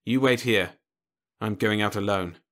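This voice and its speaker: A man voicing a calm, confident diplomat hero who speaks in a dry, clipped, assured way. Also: fairly low pitch, measured pace. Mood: firm. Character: cool, unflappable male diplomat hero. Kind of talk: audiobook character voice.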